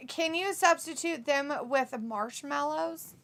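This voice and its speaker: Giggly bright-voiced woman. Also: sits high, measured pace, creaky, hardly any pauses. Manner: giggly, teasing, laughs often. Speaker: co-host of a wrestling watch-along stream. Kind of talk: casual chat reading live chat messages aloud.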